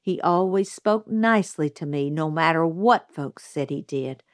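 A woman's voice: sits low, measured pace, no room sound, studio quality. Woman voicing a wise older neighbor lady. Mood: firm.

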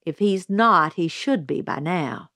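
A woman voicing a wise, kindly older neighbor woman who speaks in a measured, gently firm way. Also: lowish voice, expressive, no room sound, clean studio sound.

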